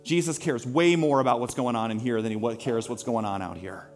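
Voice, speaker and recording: A man's voice: mid-range voice, brisk, a little mellow, faint music behind. A man preaching a sermon as pastor, telling a story earnestly and rising to rousing calls to worship. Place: church sanctuary.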